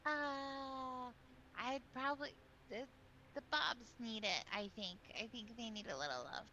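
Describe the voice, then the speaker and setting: A woman's voice: fairly high pitch, unhurried, bright, forceful tone, dull audio, a little hiss or hum. A woman playing a tabletop role-playing game, chatting casually and a little unsure of herself.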